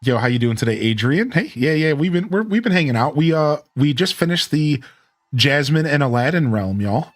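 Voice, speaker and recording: Recorded with no room sound, this fairly high-pitched Ohio man in his thirties talks at a moderate pace while live streaming. His Ohio accent comes through as he chats casually and animatedly, rambling and correcting himself along the way.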